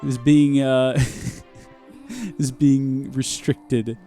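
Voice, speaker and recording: A man's voice: medium pitch, flat delivery, drawn-out words, mellow, faint music behind. A man hosting a live game stream, with goofy, rambling and chatty commentary.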